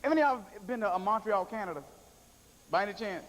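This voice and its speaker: A man doing a stand-up comedy set, telling stories loudly and acting out the voices of the people in them. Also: high-pitched, fast talker, crowd noise, poor audio. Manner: loud animated storytelling, acts out voices. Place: comedy club stage.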